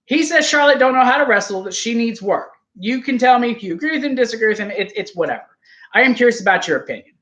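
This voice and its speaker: A man's voice: extremely high pitch, expressive, fast talker, a bit bright. A man hosting a wrestling review show, rambling and teasing his co-host in casual chat.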